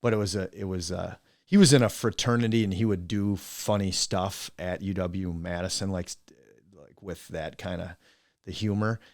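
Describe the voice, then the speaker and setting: A middle-aged man from Wisconsin with a very low, gravelly voice tells loose, meandering stories in a casual interview. He sounds close and dry, with no room around him. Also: normal speed, dry recording. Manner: rambling, animated storyteller who mimics friends. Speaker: podcast guest, coach and teacher.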